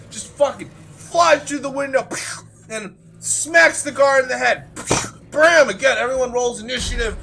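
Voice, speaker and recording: A man's voice: extremely high pitch, vocal fry. A man who runs the game, casually recapping a tabletop session in a rambling, profane way full of filler words. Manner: animated, with sudden loud bursts. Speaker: game master.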